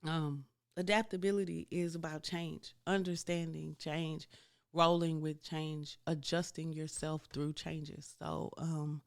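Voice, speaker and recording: Lady podcaster in her 30s, low gravelly voice, chatty and heartfelt, talks right to y'all. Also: flat delivery, measured pace. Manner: candid, faith-filled, talks to listeners as "y'all". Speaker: podcast host. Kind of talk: personal storytelling.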